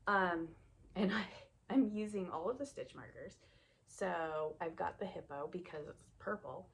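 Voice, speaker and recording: A woman hosting a knitting vlog, chatting casually and rambling, often trailing off into soft asides. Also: on the low side, measured pace, a little hiss or hum. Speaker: knitting podcast host.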